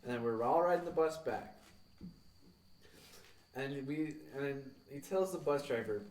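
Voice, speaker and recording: A man's voice: medium pitch, animated, moderate pace, a little mellow, a little hiss or hum. A young man, a podcast co-host, telling rambling, profane stories about school and acting out the people in them. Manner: rambling, swears, acts out quoted people. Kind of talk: casual storytelling. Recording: echoey room, mic at a distance.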